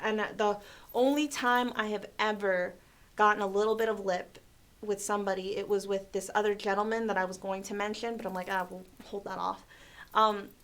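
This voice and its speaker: A young adult woman hosting a casual livestream, telling stories in an animated way, laughing often and saying "like" a lot. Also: mid-range voice. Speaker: livestream host. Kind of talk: casual storytelling chat.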